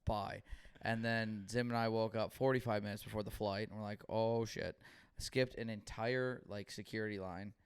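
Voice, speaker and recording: A man's voice: fairly low pitch, fairly even intonation, moderate pace, clear, resonant tone. A young man co-hosting a podcast, telling stories in casual chat with lots of swearing and acted-out dialogue. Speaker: podcast co-host.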